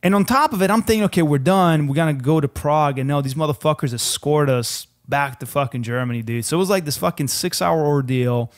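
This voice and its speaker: A man's voice: fairly high pitch, fairly quick, hardly any pauses. A young man co-hosting a podcast, telling a travel story in casual chat, profane and rambling, saying "dude" constantly. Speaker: podcast co-host.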